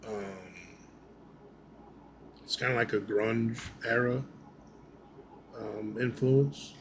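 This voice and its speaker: A man's voice: medium pitch, steady tone, extremely slow, slight background noise, rough recording. New York man with a Southern twang. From New York, raised in Florida. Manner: loose, storytelling, drops into impressions. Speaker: musician guest. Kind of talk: casual chat.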